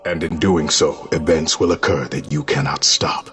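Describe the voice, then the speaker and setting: An actor playing a grim male masked prophet warrior, speaking in a measured, ominous way in a video game. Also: rumbling low, fairly even intonation, fairly bright tone. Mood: foreboding.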